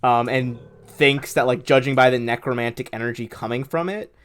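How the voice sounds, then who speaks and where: A young man at middle pitch narrating a tabletop game. He rambles easily and pads his sentences with fillers. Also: moderate pace, a bit bright, clean tone. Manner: rambling, filler-heavy, laughs often. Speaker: game master.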